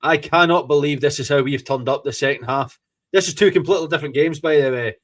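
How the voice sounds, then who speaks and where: The Scottish fan podcast host, a little high-pitched and at a quick pace, gives a slightly raised, excitable running reaction to a live football match. Swept up by every moment, he gloats and swears freely.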